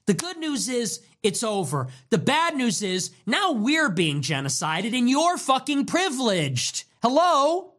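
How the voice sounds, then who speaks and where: In an unhurried mid-range voice with hardly any pauses, a talk show host gives a heated, animated monologue. He swears and hammers his points, repeating phrases for emphasis.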